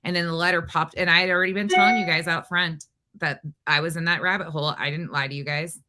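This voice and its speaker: A woman's voice: lowish voice, steady tone, quick pace, background noise. A woman hosting a casual livestream from home, talking in an exasperated, rambling way with lots of restarts. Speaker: livestream host.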